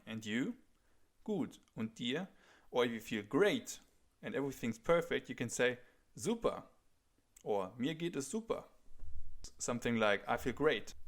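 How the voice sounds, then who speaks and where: A man teaching basic phrases in a scripted lesson, saying each phrase twice, clearly and patiently. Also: medium pitch. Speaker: language teacher.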